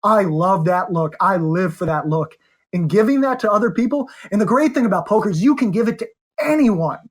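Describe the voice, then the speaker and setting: Intense, fast-talking man coaching poker. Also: high-pitched, expressive. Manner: intense, rapid and emphatic, with rhetorical questions. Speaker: poker coach, podcast guest. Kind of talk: animated conversation.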